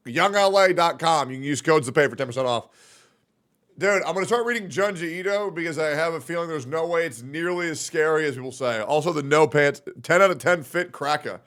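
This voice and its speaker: A young man streaming from home, chatting casually with his viewers, swearing freely, and cooing in soft baby talk to his cat. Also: on the high side. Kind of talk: casual live-stream chat.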